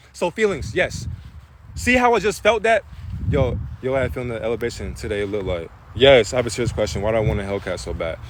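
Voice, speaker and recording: A man talking casually on a live spiritual stream, loose and profane with street slang, breaking into animated preaching. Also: medium pitch, slight background noise.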